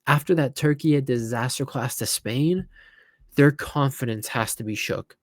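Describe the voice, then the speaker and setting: A young man giving casual, opinionated football reaction commentary, tired and animated by turns and often repeating himself. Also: medium pitch, unhurried, dry recording, studio quality. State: tired, yawning.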